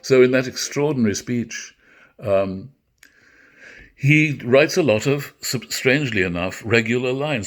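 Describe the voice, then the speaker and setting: An older man giving a literature lecture, reflective and halting, often correcting himself. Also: mid-range voice. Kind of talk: literature lecture with recited verse.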